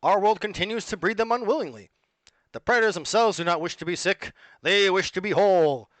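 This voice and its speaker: Casting: a man doing a booming, high-pitched TV ad salesman, dry close sound. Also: fairly quick, a bit bright, no room sound. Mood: grandiose. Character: slick male TV ad salesman.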